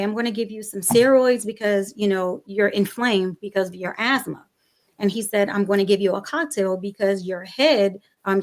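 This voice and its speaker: Woman telling her story, acting out voices. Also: medium pitch. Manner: animated storyteller, acts out dialogue. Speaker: panel guest. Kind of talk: personal story on a talk show panel.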